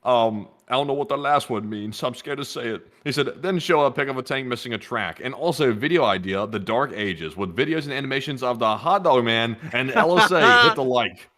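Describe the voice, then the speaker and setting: A man's voice: mid-range voice, animated, brisk, hardly any pauses, sharp tone. A man co-hosting a livestream, casually reading out viewer donations and messages. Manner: easygoing, reads viewer messages aloud.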